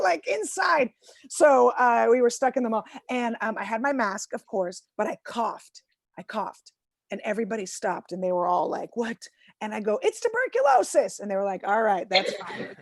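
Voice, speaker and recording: A woman in her forties doing a stand-up comedy set over a video call from home, self-mocking and animated, acting out voices and shouting punchlines. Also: a little high, moderate pace, no room sound, studio quality.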